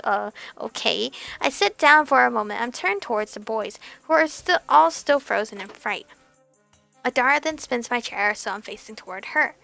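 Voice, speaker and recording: A woman's voice: on the high side, expressive, normal speed, creaky, sharp tone, no echo, soft background music. A woman hosting a let's play, reading a visual novel aloud with nervous, giggly, swearing reactions.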